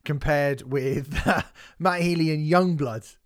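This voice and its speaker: A man's voice: a little high, slow, smooth. A man, co-hosting a podcast in casual chat, rambling and laughing often. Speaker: podcast co-host.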